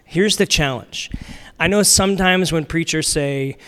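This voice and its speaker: A man's high, pushed, bright voice moves at a measured pace as he preaches to a church sanctuary. He's a pastor speaking casually, frequently restarting and filling pauses, and the audio carries a large hall's lengthy reverb.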